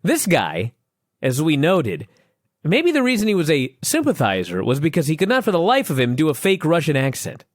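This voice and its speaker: A man's voice: on the high side, normal speed, no echo, clean studio sound. A man co-hosting a casual podcast, joking and swearing freely as he talks. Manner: animated, profane, joking. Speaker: podcast co-host. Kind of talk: casual chat.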